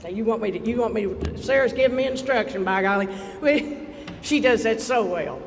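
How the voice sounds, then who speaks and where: A state legislator with an Eastern Kentucky accent giving a heartfelt, folksy dedication speech to a crowd at an outdoor ceremony. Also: male voice, high voice, lively intonation, fairly quick. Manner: folksy, heartfelt, rising to rallying cries. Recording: reverberant PA with crowd and background noise.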